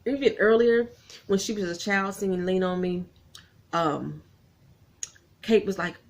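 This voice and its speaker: A woman recapping a TV episode in an animated, chatty way, talking straight to her viewers and getting emotional as she goes. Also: medium pitch, a little slow. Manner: animated, gets emotional and laughs often; folksy, talks straight to viewers.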